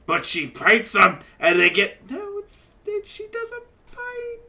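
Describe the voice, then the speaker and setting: A man voicing a flamboyant half-elf man who gushes with praise in a high falsetto. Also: huge pitch swings, slow, gravelly, very noisy, exaggerated voice. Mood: gushing.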